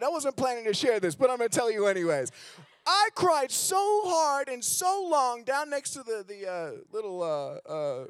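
Candid, self-mocking preacher man. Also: dry recording. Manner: swings between loud emphasis and low hushed lines. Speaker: guest preacher. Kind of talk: sermon. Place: church sanctuary.

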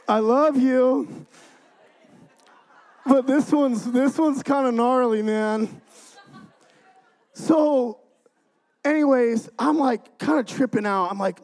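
A young man telling a testimony as a sermon, shifting between quiet, hushed passages and loud, excited bursts. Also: high voice, normal speed, poor audio. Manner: animated storytelling, swings from hushed to loud and excited. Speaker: preacher sharing testimony.

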